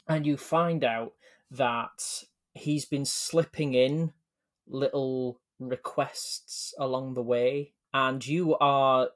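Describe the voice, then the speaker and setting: A man co-hosting a casual gaming podcast, explaining things at length with many ums and halting restarts. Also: mid-range voice. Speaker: podcast co-host.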